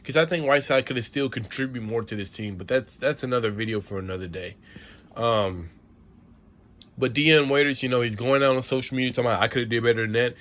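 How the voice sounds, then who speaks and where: Venting to camera in a vlog, a man delivers frustrated, profane sports commentary, circling back over the same points. His mid-range voice is quick and fairly bright.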